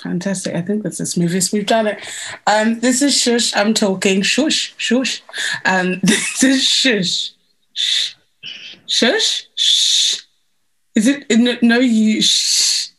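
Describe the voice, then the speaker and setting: A woman's voice: medium pitch, measured pace, fairly bright tone, poor audio. A young woman co-hosting a casual family podcast, teasing and giggling. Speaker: podcast co-host.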